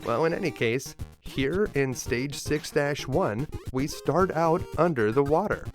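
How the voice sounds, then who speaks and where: A man's voice: fairly high pitch, expressive, a little slow. Man narrating a game walkthrough. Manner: upbeat, lightly joking. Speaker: video game guide host. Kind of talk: scripted gameplay walkthrough narration. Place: voice-over over game footage. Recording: game music clearly heard behind. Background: game music.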